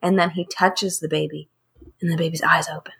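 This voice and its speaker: Animated woman telling a strange story. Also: low voice, a little fast, gravelly, husky. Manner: animated storytelling, acts out quotes with laughs. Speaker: podcast co-host telling the story. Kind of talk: casual storytelling chat.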